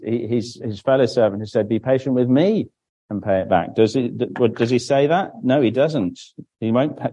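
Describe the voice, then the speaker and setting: A man's voice: mid-range voice, mellow, low-quality recording. A man giving a children's Bible talk in church, explaining simply and asking questions that he then answers himself. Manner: draws on a board while speaking, with frequent restarts.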